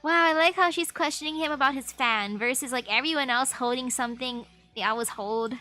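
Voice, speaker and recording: A woman streamer with a high voice reads video game dialogue aloud in a playful, lively way. She shifts between characters and breaks in with her own reactions. Quiet game music plays underneath. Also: fairly quick.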